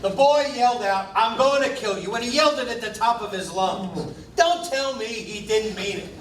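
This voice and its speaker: A man's voice: sits high, normal speed. An actor playing a pushy, hotheaded male juror who talks insistently, in a 1950s film drama. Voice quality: forceful, insistent. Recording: roomy film soundtrack, distant, faint hiss.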